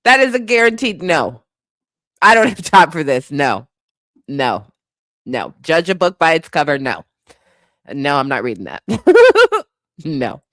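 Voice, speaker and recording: Woman streamer laughing a lot, bouncy pitch, dry close mic. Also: wildly swooping pitch, a little slow, pauses often, a bit bright, no room sound. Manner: laughs often, exasperated and playful. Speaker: live-stream host. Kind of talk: casual live-stream reaction chat.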